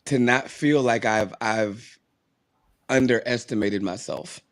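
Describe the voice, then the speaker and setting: A man co-hosting a podcast, chatting excitedly and repeating himself for emphasis. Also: medium pitch, slow pace, no echo, clean studio sound. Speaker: podcast co-host. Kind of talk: casual chat.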